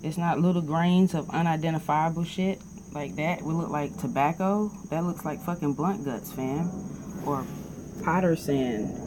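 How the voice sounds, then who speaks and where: A woman's voice: low voice, moderate pace, background noise. Profane, joking woman vlogger. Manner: animated, profane, joking, talks straight to camera. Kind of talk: casual chat.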